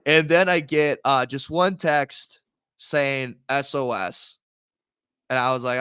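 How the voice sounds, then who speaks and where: Young guy co-hosting a podcast, smooth clear voice, animated, dry close mic. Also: medium pitch, slow pace, no room sound. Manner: animated, laughing storyteller. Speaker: podcast co-host. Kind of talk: casual sports podcast chat. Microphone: headphones and podcast mic.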